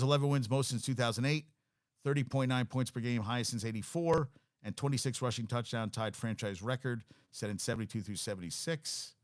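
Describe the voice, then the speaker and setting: A man's voice: mid-range voice, dry recording, clean studio sound. A man hosting a casual sports talk show, rattling off statistics with blunt, wry asides.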